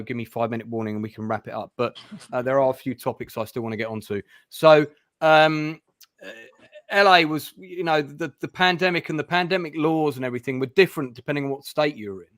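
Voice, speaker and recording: A man's voice: mid-range voice, a bit bright, dry recording, studio quality. A British man hosting an interview stream, chatty and encouraging as he puts questions to his guests. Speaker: host.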